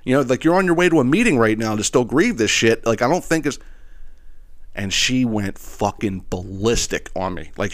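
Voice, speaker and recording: A man's voice: animated, moderate pace. A man telling a rambling, profane story, with many restarts and fillers, acting out the other people's lines in squealed voices. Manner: acts out quoted voices, squealing high for the woman. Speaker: podcast host. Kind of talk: casual storytelling monologue.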